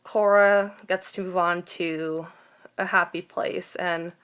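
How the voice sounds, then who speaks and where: A woman's voice: on the low side, steady tone, takes it slowly, fairly bright tone, clear, resonant tone. A woman giving a casual vlog recap of a TV episode, emotional and gushing, with many fillers and restarts. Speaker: TV recap vlogger.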